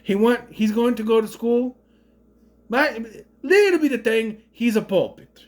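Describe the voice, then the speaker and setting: A man voicing an old Italian woodcarver father in a put-on Italian accent, in halting, jumbled broken English. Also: extremely high pitch, pitched above the performer's own voice. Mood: pleading.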